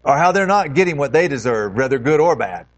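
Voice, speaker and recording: A man's voice: medium pitch, expressive, a little fast. A man preaching a sermon as pastor, earnest and exhorting, leaning hard on key phrases. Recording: dull lo-fi recording.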